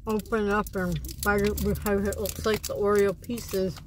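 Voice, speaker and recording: A woman's voice: medium pitch, flat delivery, slight background noise, poor audio. A woman vlogger chatting casually while showing off a shopping haul. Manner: chatty, slow and deliberate when showing items.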